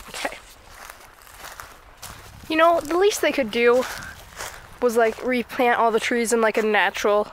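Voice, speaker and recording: Giggly slow-talking woman filming outdoors. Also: on the high side, lively intonation, a little hiss or hum. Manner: giggly, teasing. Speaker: camera person. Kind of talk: casual chat while hiking and filming. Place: outdoors on a forest trail. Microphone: handheld camera.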